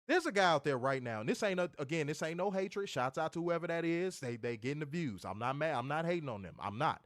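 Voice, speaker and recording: A man's voice: on the high side, a little fast, no room sound. Man, casual podcast rant, profane, raised voice, very dry close sound. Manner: animated, profane, repeats words when heated. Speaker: wrestling review show co-host.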